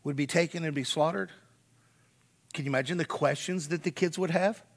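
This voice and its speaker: A man's voice: fairly high pitch, brisk. A man preaching a sermon, emphatic, repeating key words and speaking straight to the congregation. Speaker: pastor.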